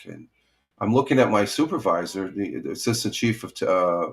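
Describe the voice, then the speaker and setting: Rambling low-voiced man chatting live. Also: expressive, normal speed. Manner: rambling, restarts a lot, chuckles; greets viewers by name. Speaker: live stream host. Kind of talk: casual morning chat stream.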